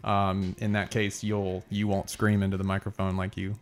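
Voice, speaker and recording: A man's voice: low voice, completely flat delivery, normal speed, soft background music. A man hosting a podcast in an easy chat, dry and teasing. His voice bounces around a small studio with a wood floor, so the sound is echoey. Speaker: podcast host. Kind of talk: casual chat. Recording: echoey room.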